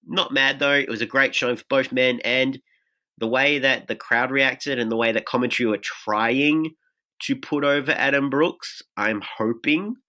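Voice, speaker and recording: An Australian man hosting a podcast in a casual, rambling way, full of asides and fillers. His voice sits in a middle pitch and has a bright, forward edge. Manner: chatty, lots of fillers and asides. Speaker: podcast host. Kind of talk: casual recap talk.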